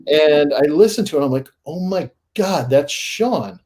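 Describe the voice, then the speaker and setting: A man guest on a paranormal podcast, telling his stories in a casual, animated way that rises into excited emphasis. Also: a little high, unhurried. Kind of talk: casual storytelling in a podcast interview.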